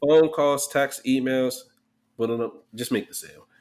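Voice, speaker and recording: A man's voice: mid-range voice, unhurried, a little mellow. A man in his thirties, a podcast guest, telling profane stories in casual chat and acting out the quotes. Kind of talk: casual storytelling.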